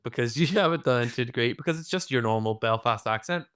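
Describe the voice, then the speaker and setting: A man co-hosting a podcast, talking in an animated, casual way and swearing freely. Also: medium pitch, fast talker, clean tone. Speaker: podcast co-host.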